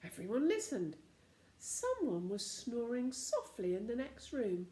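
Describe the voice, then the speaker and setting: A woman narrating a children's storybook aloud with an expressive reading manner. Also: on the high side, unhurried. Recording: roomy echo.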